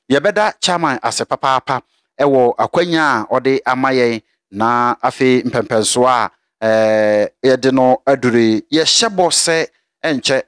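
A man from Ghana hosting an online show, thanking his guest and signing off, pausing often on "eh". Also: mid-range voice, dry recording, clean studio sound. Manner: thankful, hesitant with frequent "eh" fillers. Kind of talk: interview wrap-up and sign-off.

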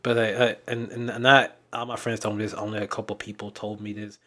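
A young man talking candidly in a personal vlog, weary and emotional, speaking haltingly with sighs and repeated restarts. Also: on the low side, level tone, bright, forceful tone. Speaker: fan dub director and content creator.

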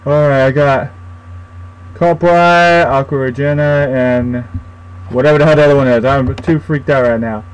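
A man's voice: mid-range voice, fairly even intonation, normal speed, clean tone, rough recording. A young man commentating a horror game as he plays, frightened, swearing and talking to himself. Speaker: gaming YouTuber.

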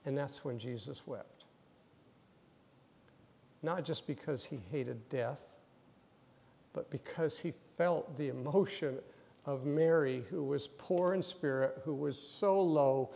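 A man preaching a sermon as pastor, telling the story vividly and acting out scenes, sometimes rising to loud emphasis. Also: fairly high pitch, slow pace, creaky, pauses often, big-room sound. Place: church sanctuary.

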